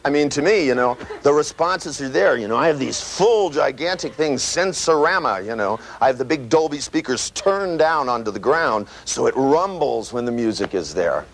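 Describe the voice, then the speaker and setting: A man giving a live seminar lecture, animated and profane, acting out voices and sound effects as he teaches. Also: mid-range voice, moderate pace, few pauses. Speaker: seminar trainer. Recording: noisy live seminar recording.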